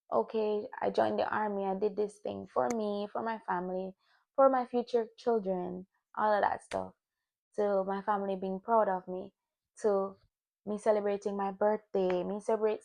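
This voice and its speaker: A woman's voice: medium pitch, gravelly, darkish tone. A young woman talking candidly to camera, looking back on her year in a personal vlog. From Jamaican family. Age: young adult. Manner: candid, reflective, restarts. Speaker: vlogger.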